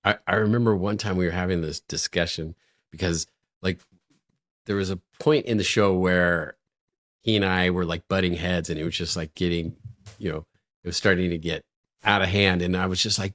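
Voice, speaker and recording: A middle-aged man co-hosting a podcast, telling stories in an animated way and laughing often. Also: sits low, moderate pace, no echo, studio quality. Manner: animated storyteller, laughs a lot. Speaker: podcast co-host. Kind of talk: casual podcast chat.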